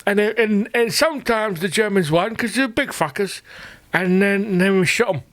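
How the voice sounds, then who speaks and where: A man's voice: high-pitched, moderate pace, a bit bright, no echo, pitched above the performer's own voice. A man voicing a boastful old male war veteran who calls the listener love.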